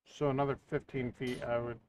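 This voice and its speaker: A man's voice: mid-range voice, level tone, a little fast, slight background noise. A man playing a tabletop game, unsure and mumbling as he works out his moves. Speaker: player.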